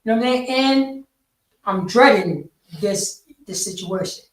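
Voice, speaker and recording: A man's voice: high voice, measured pace. Slangy man teaching in an echoey hall. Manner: loose, repetitive, slangy street talk. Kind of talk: casual Bible class explanation. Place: meeting hall. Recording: roomy echo, speaker far from mic.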